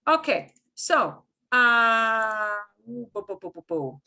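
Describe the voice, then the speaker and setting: A woman's voice: a little high, big pitch swings, slow, sharp tone. A woman teaching a beginner Spanish class, explaining patiently and often checking in with "okay?".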